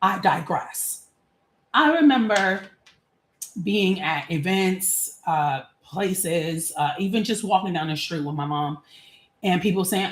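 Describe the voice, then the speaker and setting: A woman's voice: on the low side, expressive, slow. A woman in her forties talking candidly and chattily about her feelings, with casual slang and frequent laughs. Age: 40s. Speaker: vlogger. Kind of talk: personal reflective monologue. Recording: echoey room.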